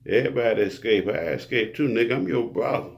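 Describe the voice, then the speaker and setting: A man's voice: medium pitch, fast talker, gravelly. A man preaching a rambling monologue to his viewers, grandiose and profane, lecturing the listener. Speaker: self-styled preacher.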